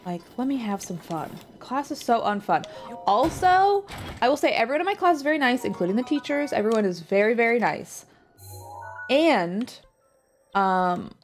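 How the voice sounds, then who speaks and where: A woman on a livestream, talking in a rambling, chatty way full of filler words and sudden asides. Her voice sits a little high. Faint game music plays underneath her. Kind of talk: casual chat while gaming.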